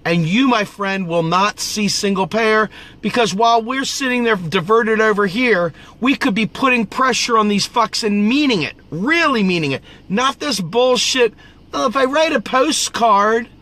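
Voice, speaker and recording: A man's voice: high voice, expressive, moderate pace, bright, forceful tone. A man venting in a profane, preachy rant and repeating phrases for emphasis, with a cough at times. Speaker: political video host. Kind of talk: impassioned ranting vent session.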